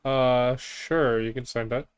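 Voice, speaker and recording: A man's voice: mid-range voice, steady tone, slow, smooth. A man in a tabletop game on a voice call, speaking casually and muttering to himself. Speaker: player. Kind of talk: casual chat at the gaming table.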